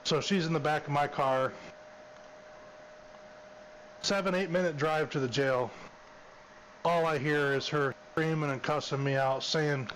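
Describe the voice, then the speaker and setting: A man's voice: fairly high pitch, steady tone, normal speed, a bit bright, a little hiss or hum, poor audio. A man, a former police officer, casually telling a story, drawling and repeating "I said" and "she's like".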